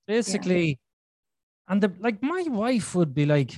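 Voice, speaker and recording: A man's voice: sits high, big pitch swings, moderate pace, darkish tone, no room sound. A man hosting a podcast, talking candidly and bluntly, swearing freely and repeating himself for emphasis. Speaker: podcast host. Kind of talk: candid conversational chat.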